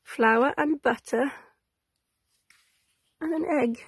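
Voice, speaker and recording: A woman's voice: sits high, drawn-out words, no echo. A woman reading an old cookbook aloud to children in a cosy, chatty, sing-song way, sounding sleepy and yawning. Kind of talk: gentle read-aloud for children.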